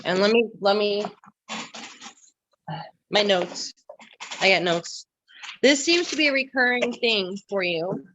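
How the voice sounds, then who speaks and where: Calm woman coach on a call, unhurried with a bright, crisp tone. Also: medium pitch, no room sound, low-quality recording. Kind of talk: coaching session. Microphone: video call.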